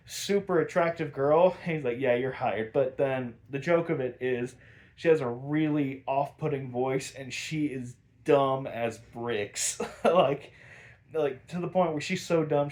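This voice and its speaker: A man's voice: a little high, darkish tone. A man hosting a podcast, casually recapping a cartoon episode in a chatty, filler-heavy way. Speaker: podcast host.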